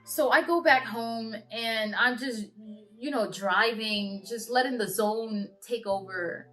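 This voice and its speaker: A woman in her twenties telling a personal story to camera in a halting, earnest way, often stopping and restarting her sentences. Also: on the high side, pushed and bright, soft background music. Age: 20s. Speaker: vlogger.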